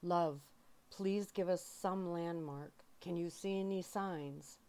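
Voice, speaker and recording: A woman reading a novel aloud in a soft-spoken ASMR style, voicing an anxious young man who speaks gently and urgently to the girl he loves. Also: on the low side, takes it slowly.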